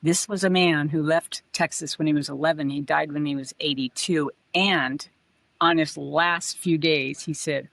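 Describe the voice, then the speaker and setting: A woman co-hosting a podcast, warmly complimentary and telling a family anecdote. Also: deep voice, fairly even intonation, moderate pace, gravelly, dry recording. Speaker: podcast host. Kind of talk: casual podcast conversation.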